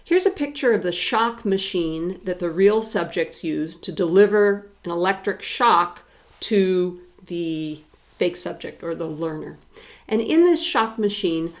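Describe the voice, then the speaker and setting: Woman, psychology professor, recorded lecture, explanatory with rhetorical questions. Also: mid-range voice.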